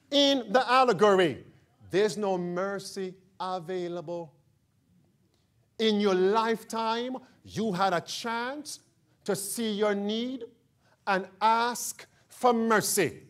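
A man preaching from the pulpit in a high voice, drawing out his words at an unhurried pace. He pauses often to quiz the congregation and then rises to emphatic, shouted declarations. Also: animated. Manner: preaching with call-and-response questions to the congregation. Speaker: pastor. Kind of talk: sermon.

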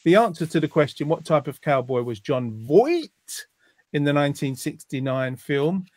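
A man's voice: a little high, animated, moderate pace, a little mellow, dry recording. Jokey man hosting a quiz chat. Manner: jokey, rambling, lots of ums. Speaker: host. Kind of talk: casual quiz chat reading viewer comments.

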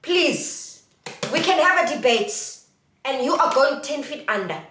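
A woman's voice: sits high, animated, a little slow, a bit bright, far from the mic, a little hiss or hum. A young South African woman vlogging casually, playful and sing-song as she talks to her viewers. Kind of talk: casual haul vlog. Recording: echoey room, a little off mic.

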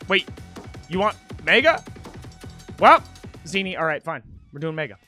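A young man streaming a rhythm game, chatting casually, swearing freely and shouting when he celebrates. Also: a little high, very animated, moderate pace, soft background music. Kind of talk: casual live-stream chat while gaming.

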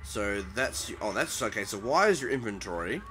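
A man's voice: fairly low pitch, sing-song, fairly quick, pushed and bright, slight background noise. A man hosting a let's play, easily frightened and blurting nervous exclamations as he plays. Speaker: gaming channel host. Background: game music.

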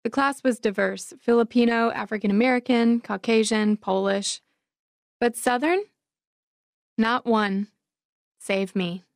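A woman from North Carolina reading her personal essay aloud in a measured, reflective way. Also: a little high, fairly even intonation. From Charlotte, North Carolina. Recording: voice over clear background music.

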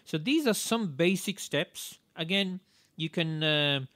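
Brief: male radio co-host, slightly high voice, dry studio sound, steady instructive delivery. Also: slow pace, no room sound. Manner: steady, instructive, repeats key steps. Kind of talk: parenting advice talk.

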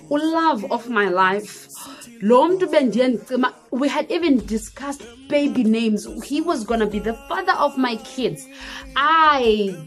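A young woman vlogger tells a personal story, animated and dramatic, mixing in Xhosa phrases. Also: sits high. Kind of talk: storytime vlog.

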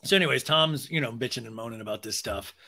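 A man hosting a podcast, recapping a reality show in snarky, profane chat with quick asides. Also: mid-range voice, creaky, bright, forceful tone. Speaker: podcast host.

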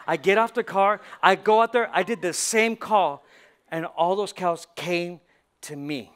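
High-voiced animated man preaching. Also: normal speed. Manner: storytelling, animated and joking, many restarts. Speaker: pastor. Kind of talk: sermon. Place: church stage.

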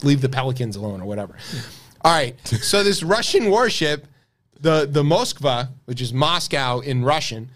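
A man's voice: mid-range voice, lively intonation, moderate pace, a bit bright. A man co-hosting a podcast, talking through the news in a wry, sarcastic, casual way. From United States. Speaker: podcast co-host. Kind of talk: casual political chat.

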